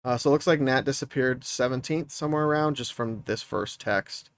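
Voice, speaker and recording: A man's voice: medium pitch, fairly quick, no room sound. A man streaming a let's play, casually thinking aloud as he reads through the story. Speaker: gaming streamer.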